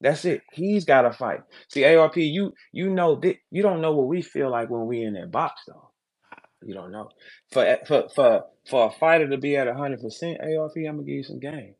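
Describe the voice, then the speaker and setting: A man, a battle rapper, delivering a heated, confrontational call-out, jumping between shouting and low muttering. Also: normal speed. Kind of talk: heated trash talk call-out.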